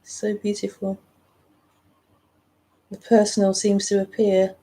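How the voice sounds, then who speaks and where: A middle-aged woman teaching nonduality on a live home broadcast, speaking slowly and reflectively with long pauses. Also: medium pitch, completely flat delivery. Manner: slow, reflective, with pauses and soft laughs. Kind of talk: live spiritual talk.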